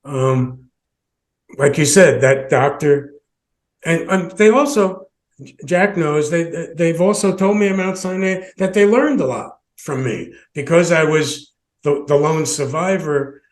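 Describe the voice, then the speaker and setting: Rambling storyteller man, a bit high. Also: measured pace. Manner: rambling, many restarts, laughs between phrases. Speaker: podcast host. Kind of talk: emotional personal storytelling.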